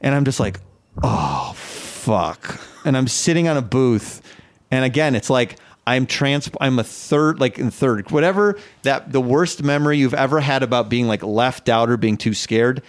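A man tells a story in loose, casual conversation. He jumps between his normal voice and high, panicky impressions of himself and others, laughing through it. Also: moderate pace. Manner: animated, acts out his own quotes in a high panicky voice.

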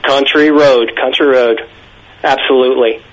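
A man's voice: medium pitch, steady tone, moderate pace, poor audio. A nervous man calling in to a radio show who tells a rambling story. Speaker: caller. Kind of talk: phone-in rambling anecdote.

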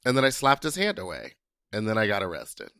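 A man co-hosting a podcast, telling stories in an animated, joking way. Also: on the low side, brisk, vocal fry, no room sound, studio quality. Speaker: podcast co-host. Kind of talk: casual chat.

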